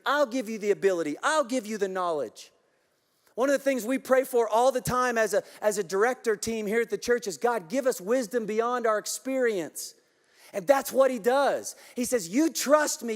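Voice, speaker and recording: A passionate man preaches to a large church crowd, his voice pitched notably high. He leads the room in repeated call-and-response lines. Long reverb from the big auditorium trails each phrase. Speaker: pastor. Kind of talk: sermon. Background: congregation in the room.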